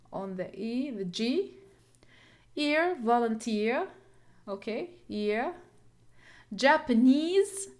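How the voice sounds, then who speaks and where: A woman teaches English at an unhurried pace. Her voice sits fairly high, and she repeats key points patiently, giving the terms playful nicknames. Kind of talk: explaining lesson material.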